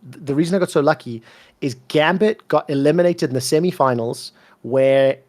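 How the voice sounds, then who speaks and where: A man with a soft, worn-down South African accent that drifts toward British, talking at a fairly high pitch. He tells his story bluntly and emphatically in a relaxed interview and swears freely. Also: normal speed. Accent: soft South African, mixed with British and American. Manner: emphatic, swears freely, repeats words when fired up. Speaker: esports commentator, interview guest.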